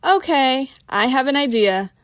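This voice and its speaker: A woman's voice: sits high, expressive, unhurried, dry recording, clean studio sound, pitched above the performer's own voice. A woman voicing a bossy, theatrical woman who runs the group game. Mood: commanding. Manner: theatrical, commanding. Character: bossy, warm ringleader woman.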